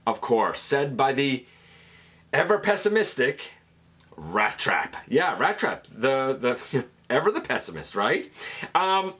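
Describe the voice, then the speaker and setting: Lively, chatty male fan host. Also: mid-range voice, slow, breathy edge. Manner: chatty and enthusiastic, with fillers and restarts. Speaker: host counting down a top ten list. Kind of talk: casual fan commentary to camera.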